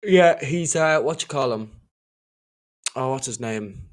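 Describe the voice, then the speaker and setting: A man's voice: medium pitch, lively intonation, slow pace. A man chatting casually on a podcast while commenting on a film. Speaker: podcast co-host.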